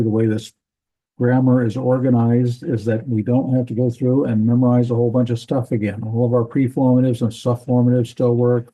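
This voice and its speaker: A man teaching a Bible language class, explaining in a relaxed way with fillers. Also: medium pitch, poor audio. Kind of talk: classroom lecture.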